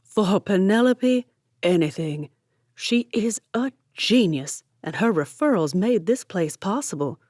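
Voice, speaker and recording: A woman's voice: mid-range voice, expressive, a little slow, darkish tone, no echo, clean studio sound. A woman voicing an affected, flamboyant male tailor who speaks in an exaggerated drawl. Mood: grandiose. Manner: grandiose, drawling, overly familiar.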